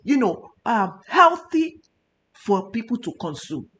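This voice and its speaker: A woman's voice: on the high side, very animated, slow, fairly bright tone. A Nigerian woman, a nutritionist hosting a health talk show, speaking with emotional emphasis. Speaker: nutritionist host.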